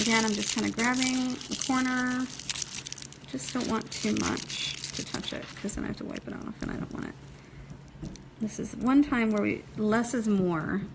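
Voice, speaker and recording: A woman giving a casual live nail-art tutorial, chatty and quick to laugh, often checking in with "okay?" as she works. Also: high-pitched, vocal fry, noisy background. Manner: chatty, laughs easily, reads viewer comments aloud. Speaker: nail technician teaching a live demo.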